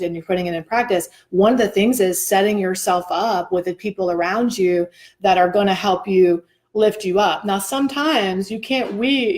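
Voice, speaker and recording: A woman's voice: mid-range voice, a little mellow. A woman co-hosting a casual motivational chat, earnest and encouraging, acting out the voices she quotes. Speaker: co-host, coach.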